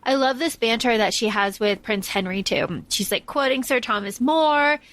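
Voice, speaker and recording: Podcast co-host, woman, somewhat high voice, dry close sound, gushing. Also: normal speed, a bit bright, no echo. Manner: enthusiastic, gushing. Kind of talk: casual chat.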